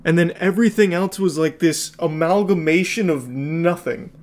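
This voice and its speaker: A man's voice: fairly high pitch, normal speed. A man doing casual video reaction commentary, incredulous and sarcastic, swearing freely.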